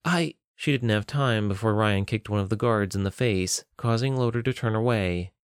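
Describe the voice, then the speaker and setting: A man narrating a novel in a measured, even storytelling voice on a close mic. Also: fairly low pitch, clear, resonant tone, dry recording. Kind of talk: scripted audiobook narration.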